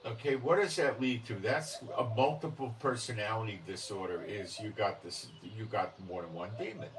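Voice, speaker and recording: A man's voice: on the low side, moderate pace, far from the mic, slight background noise, rough recording. A man hosting religious commentary, talking in a blunt, emphatic, unscripted way and often checking in with the listener.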